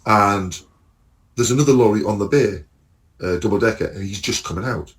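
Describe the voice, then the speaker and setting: A middle-aged man from England, a podcast co-host and lorry driver, telling an animated casual anecdote full of swearing and acted-out quotes. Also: on the low side, normal speed. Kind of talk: casual anecdote among friends.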